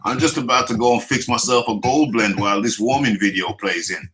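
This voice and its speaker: Faint music sits low behind a British host from the United Kingdom as he runs a casual live boxing stream in a bright, forward, fairly quick voice. Chatty and jokey, he teases his viewers, laughs a lot and keeps repeating phrases.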